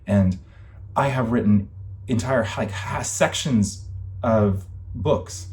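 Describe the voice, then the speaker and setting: A man's voice: mid-range voice, takes it slowly, darkish tone, slight background noise. A young man in a vlog, talking alone in an impassioned, rambling monologue and swearing as his frustration builds. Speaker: vlogger.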